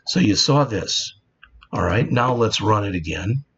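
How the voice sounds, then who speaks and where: Man, coding tutorial, unhurried explaining, dull lo-fi recording, faint keyboard clicks. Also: lowish voice, expressive, a bit bright, breathy edge. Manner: plain, unhurried explaining with frequent "all right". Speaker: programming teacher. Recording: dull lo-fi sound with faint background noise.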